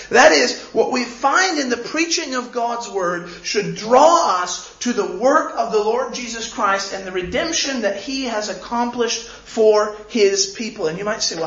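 A man's voice: high-pitched, fairly bright tone. Earnest pleading male preacher, echoey church. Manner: earnest, pleading, repeats words. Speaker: pastor. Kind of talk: sermon. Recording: echoey, slightly dull room recording.

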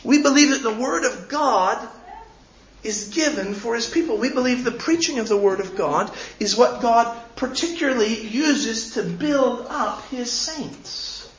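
A man's voice: extremely high pitch, measured pace. A man preaching a sermon as pastor, earnest and pleading, often repeating words as he goes. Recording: echoey, slightly dull room recording.

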